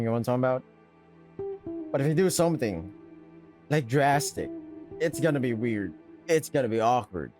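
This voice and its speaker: A man's voice: fairly high pitch, fairly quick, pauses often, music in the background. A man hosting a gaming video, reading a visual novel aloud and reacting with swearing. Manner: animated, swears while reacting.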